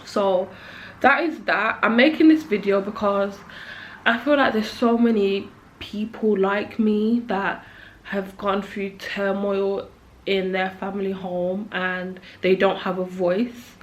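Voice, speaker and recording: A woman's voice: mid-range voice, steady tone, slow pace. A woman, telling her personal story to her own camera in a candid, emotional way that often repeats itself. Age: 20s. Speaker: vlogger.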